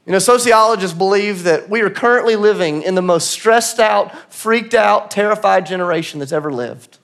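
A man's voice: high-pitched, normal speed, gravelly, a bit bright. A man giving a church sermon in a conversational, earnest way, sometimes laughing at himself. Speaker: pastor. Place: church auditorium.

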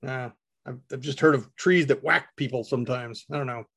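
A man's voice: mid-range voice, fairly quick, creaky, fairly bright tone, slightly rough. A man playing a tabletop game, joking and speaking for his character. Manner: jokey, laughs often, plays his character. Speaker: player. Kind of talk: casual chat in a tabletop game.

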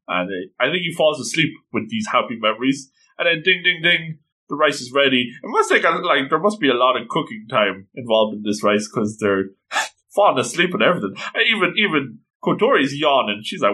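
A man casually reading through a manga chapter, gushing over it and doing quick voices for the characters. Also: medium pitch, animated, pushed and bright, slightly rough. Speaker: manga reader and reviewer. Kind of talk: casual read-through commentary.

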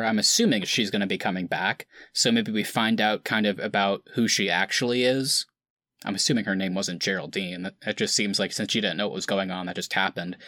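A man's voice: fairly low pitch, sharp tone, no room sound, clean studio sound. A man hosting a casual podcast chat, talking loosely with many "kind of" fillers. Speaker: podcast host.

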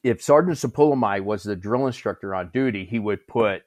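A middle-aged man telling a story casually, animating the shouted quotes in his tale. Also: on the low side, fairly quick, no room sound. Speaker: former Marine drill instructor telling a story.

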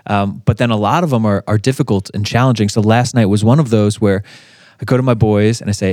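A man in his thirties co-hosting a faith podcast, telling a family story in a relaxed way with fillers and laughs. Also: on the low side, fairly quick, no echo, studio quality. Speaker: podcast co-host. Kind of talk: casual faith podcast chat.

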